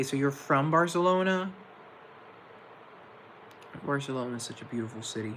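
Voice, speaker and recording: A man's voice: mid-range voice, background noise. A young man hosting a live stream, casually chatting with viewers and answering their comments in a playful, campy way. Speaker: livestream host.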